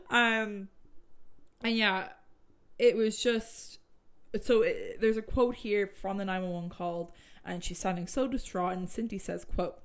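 A woman's voice: medium pitch, unhurried, vocal fry. A woman casually retelling a true crime case, chatty and full of fillers, swearing when she gets worked up.

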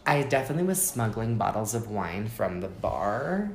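A man telling a story in casual chat, acting out quotes with sudden high-pitched jumps. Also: sing-song, moderate pace, creaky. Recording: roomy echo.

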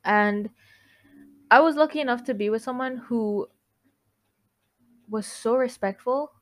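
A woman's voice: fairly high pitch, measured pace. A young woman hosting a podcast, talking in a candid, heartfelt monologue that rambles, restarts itself and breaks into giggles. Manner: rambling, self-interrupting, giggly. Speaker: podcast host. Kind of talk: casual confessional monologue.

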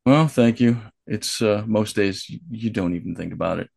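With a lowish, darkish voice touched by vocal fry, a man speaks at a moderate pace on a dry, clean studio recording. An author and artist from the United States, he tells candid stories as a podcast guest, swearing freely, quoting the voices in his head, and starting over mid-thought.

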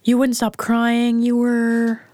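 A woman's voice: fairly high pitch, completely flat delivery, slow, warm tone, no room sound, studio quality. A middle-aged woman telling a candid personal story as an interview guest, frank and blunt in how she speaks. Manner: frank and blunt, plain-spoken. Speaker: interview guest, mother of the host.

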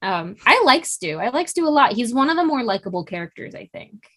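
A woman's voice: a little high, very animated, brisk, pushed and bright. A woman co-hosting a book podcast, chatting casually and rambling a little. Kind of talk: casual chat.

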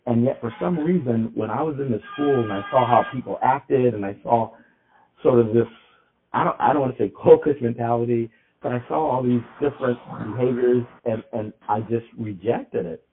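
A man's voice: mid-range voice, moderate pace, slight background noise. A man co-hosting a podcast, talking in a loose, rambling way with many restarts. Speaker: podcast co-host. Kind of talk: casual podcast chat. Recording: tinny phone-like sound.

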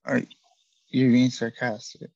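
A young man co-hosting a casual podcast chat, making blunt deadpan remarks. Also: mid-range voice, measured pace, creaky, no echo, dull audio. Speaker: podcast co-host.

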